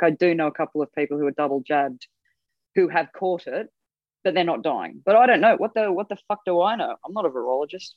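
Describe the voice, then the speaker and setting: A woman's voice: sits low, a little mellow, no room sound. An Australian woman comedian chatting as a guest, wry and laughing at her own bleak points. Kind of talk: casual comedic chat. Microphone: remote line from home. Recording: dull dry call line.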